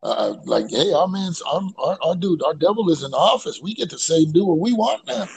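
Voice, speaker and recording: Raspy, lively man hosting a comedy show. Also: fairly high pitch, a little fast, low-quality recording. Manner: loud laughing, stammering repeats, crude jokes. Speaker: podcast host. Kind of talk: casual comedy chat. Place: outdoors. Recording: live call-in podcast.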